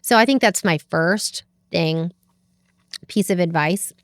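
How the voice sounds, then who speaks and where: A woman's voice: fairly low pitch, takes it slowly, dry recording, studio quality. A woman talking through parenting in an earnest, reflective way as a podcast guest. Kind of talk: casual conversation about parenting.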